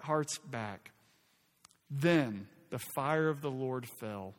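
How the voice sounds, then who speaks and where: A man's voice: a little high, in a large hall. A man preaching a sermon as pastor, reading scripture dramatically with emphatic asides.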